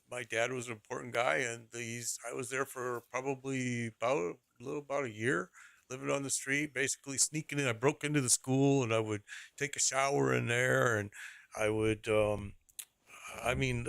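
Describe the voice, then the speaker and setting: A man's voice: medium pitch, fairly even intonation, normal speed, vocal fry, fairly bright tone, clear, resonant tone, no echo. A middle-aged man streaming, telling a rambling personal story in casual talk, repeating phrases and laughing as he goes.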